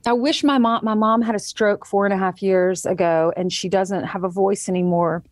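A woman's voice: mid-range voice, fairly even intonation, normal speed, no room sound, clean studio sound. A woman in her thirties chatting as a guest and telling a parenting story, quoting others vividly as she goes. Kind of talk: casual chat.

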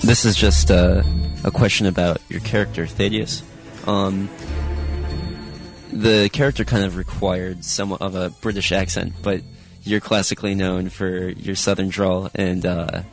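Man, low voice, casual interviewer who asks in a halting way over faint music. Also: little pitch movement, creaky. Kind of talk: interview questions.

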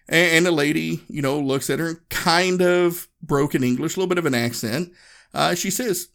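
Podcast host, male, gravelly, laid-back storyteller with a reflective delivery. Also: fairly high pitch, normal speed. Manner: relaxed, conversational, reflective.

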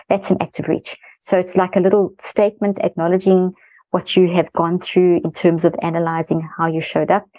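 A middle-aged woman, a guest expert in an interview, explaining a parenting method in fast-flowing, animated talk. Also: on the low side, no room sound, low-quality recording.

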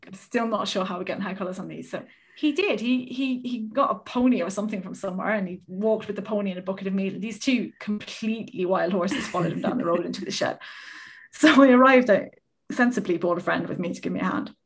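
A woman's voice: mid-range voice, fairly quick, a little hiss or hum. An Irish woman telling a self-mocking story in casual podcast chat, laughing often as she talks. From Ireland. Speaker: horse rider.

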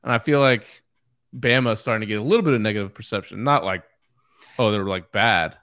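Male co-host, smooth resonant voice, measured, keeps the show moving. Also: mid-range voice, fairly bright tone. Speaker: podcast co-host. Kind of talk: casual sports chat.

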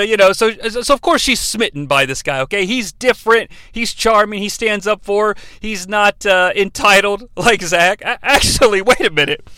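A man's voice: high voice, pushed and bright, no echo. A man hosting a comedic podcast, rambling and profane, often interrupting himself and laughing. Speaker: podcast host. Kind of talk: comedic solo podcast riff.

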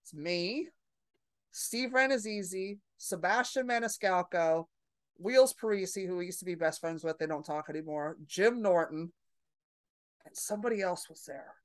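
A middle-aged woman comedian telling brash stories in a casual podcast chat, acting out her own reactions loudly. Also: fairly low pitch, moderate pace, no echo. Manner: brash storyteller, loud animated re-enactments. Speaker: comedian guest.

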